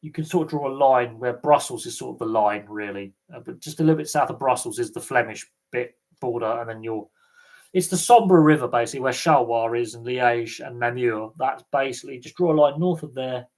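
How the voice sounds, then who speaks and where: British guy on a livestream q&a, casual rambly chat, lots of ums, average pitch. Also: a little fast, darkish tone. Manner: rambling, chatty, many fillers. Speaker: livestream host.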